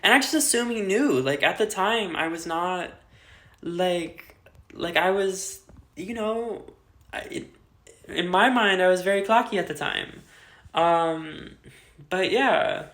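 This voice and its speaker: A woman's voice: fairly low pitch, lively intonation, takes it slowly, fairly bright tone. A young adult woman telling a casual storytime vlog, chatty and full of fillers, swearing freely. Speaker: vlogger. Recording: roomy echo.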